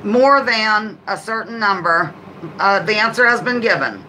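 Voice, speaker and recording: A woman hosting a live trivia game on a stream, chatting casually, greeting viewers by name and reading each question out slowly. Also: mid-range voice, expressive, bright, forceful tone, a little hiss or hum, rough recording. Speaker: livestream host.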